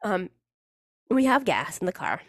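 A woman's voice: lowish voice, big pitch swings, measured pace, no echo, clean studio sound. A woman hosting a casual solo podcast in a chatty, rambling, playful way, with the odd swear word. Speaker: podcast host.

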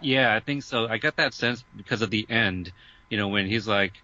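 A laid-back man co-hosting a casual movie chat, tossing in dry remarks. His low voice is bright and forward, though the sound is slightly dull. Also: normal speed. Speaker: podcast co-host.

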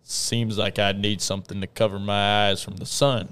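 A man voicing a drawling male cowboy customer in an improvised mock commercial, with a lowered voice. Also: moderate pace, fairly bright tone, clear, resonant tone, natural voice. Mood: folksy.

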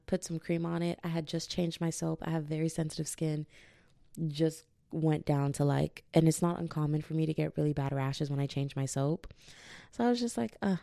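Low gravelly young woman podcaster. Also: dry recording, clean studio sound. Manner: animated, rambling, full of asides and tangents. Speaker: podcast host. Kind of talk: casual storytelling monologue.

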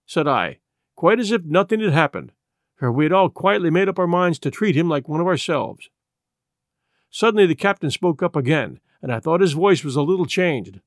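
Male audiobook narrator, measured and even, light-pitched voice, dry close sound. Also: no room sound. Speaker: audiobook reader. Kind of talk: scripted narration.

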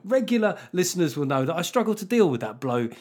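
A man's voice: high voice, sing-song, fast, a little mellow. A man hosting a podcast, rambling in a profane, self-mocking way. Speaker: podcast host. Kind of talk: casual chat.

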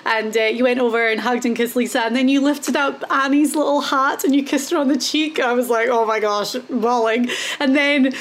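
A woman's voice: high-pitched, fairly even intonation, normal speed, few pauses. A woman co-hosting a podcast, chatting eagerly and laughing easily. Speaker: podcast co-host. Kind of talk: casual chat.

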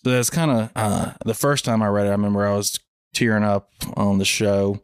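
A young adult man hosting a podcast, talking slowly and haltingly with lots of pauses and fillers. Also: fairly low pitch, little pitch movement, clean tone, no room sound, clean studio sound. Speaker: podcast host. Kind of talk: casual reflective chat.

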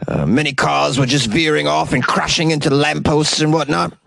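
A man voicing a stuffy English police inspector, in a put-on English accent and an officious, drawn-out manner. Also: a little high, fairly even intonation, creaky, a bit bright, no room sound, clean studio sound. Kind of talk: comedic quote reading.

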